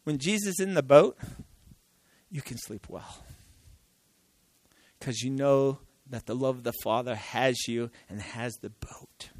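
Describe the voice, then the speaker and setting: A man preaching a sermon, swinging from loud exclamations to hushed, near-whispered lines and acting out quoted voices. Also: medium pitch, unhurried, long pauses, no echo, rough recording. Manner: acts out quoted voices, laughs between lines.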